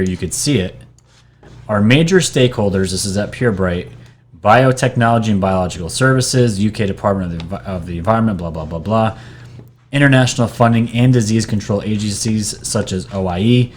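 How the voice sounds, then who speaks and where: A man's voice: fairly low pitch, darkish tone, a little hiss or hum. A man who hosts a channel, talking casually about what he reads from a screen, with frequent hesitations and restarts. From New York. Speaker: channel host. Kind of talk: casual commentary reading from a screen.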